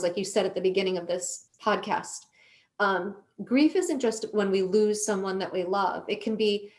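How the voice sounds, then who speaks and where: A woman on a podcast as a guest, telling her own story in an earnest, slow, deliberate way. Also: medium pitch, darkish tone. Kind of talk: emotional personal storytelling.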